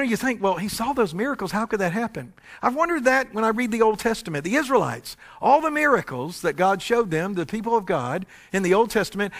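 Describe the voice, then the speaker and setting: A male pastor giving a conversational sermon, telling stories with many "you know" asides and big swings between loud and soft. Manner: conversational preaching with wide swings in pitch and volume.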